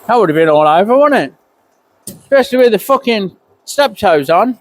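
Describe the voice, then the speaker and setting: A man's voice: sits high, lively intonation, moderate pace. A middle-aged man, giving a muttered, swearing running commentary as he works in a cold workshop. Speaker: custom motorcycle builder.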